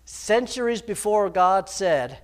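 A male preacher with a high-pitched voice delivers a sermon. His manner is dramatic and emphatic. He swings between loud proclamations and quiet, intense storytelling. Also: lively intonation, slow.

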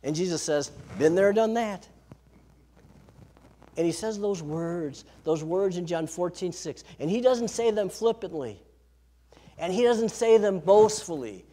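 A man preaching a sermon, lively and slowing down on key phrases. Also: high-pitched. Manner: lively preaching, slows for emphasis. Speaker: pastor.

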